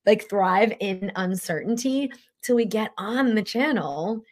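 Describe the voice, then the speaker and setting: A woman's voice: medium pitch, animated, measured pace. A middle-aged woman, a spiritual coach, talking casually and animatedly, full of fillers and acted-out quotes. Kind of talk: casual motivational talk.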